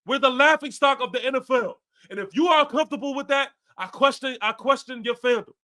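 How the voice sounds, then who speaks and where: Fired-up high-voiced man ranting profanely. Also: pushed and bright. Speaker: fan podcast host. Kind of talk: ranting live post-game stream.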